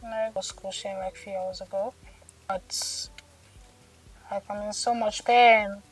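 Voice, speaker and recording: A woman's voice: medium pitch, a little slow, husky. Chatty young woman crafter, slightly distant mic. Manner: chatty, says "like" and "guys" often, excitable. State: tired. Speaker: crochet vlogger. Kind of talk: casual vlog talk while crocheting. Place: home craft studio.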